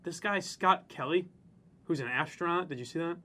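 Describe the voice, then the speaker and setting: A man's voice: on the high side, moderate pace, bright, forceful tone. A man co-hosting a casual chat, ranting with plenty of profanity and mocking people in exaggerated voices. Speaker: podcast co-host.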